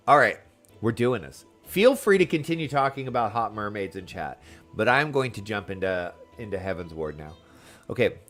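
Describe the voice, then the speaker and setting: A man streaming a video game, chatting excitedly and answering his chat. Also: lowish voice, moderate pace, faint music behind. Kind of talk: casual live gameplay chat.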